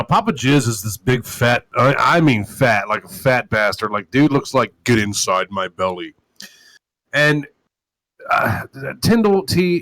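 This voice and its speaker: Brief: male call-in show host, lively swinging pitch, bright edge, foul-mouthed ranting, dry close mic. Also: dry recording, poor audio. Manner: loud, animated, swearing, mocking impressions. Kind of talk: profane casual rant on a call-in show.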